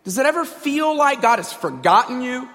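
Male pastor, sermon, very high bright voice, direct and conversational, big-hall reverb. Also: expressive, normal speed. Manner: direct, conversational, asks the audience questions. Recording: long reverb in a large hall.

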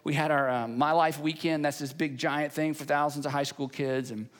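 A man's voice: on the high side, fairly even intonation, normal speed. A middle-aged man preaching a sermon as a pastor, telling stories in a conversational way and repeating phrases for emphasis. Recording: long hall reverb.

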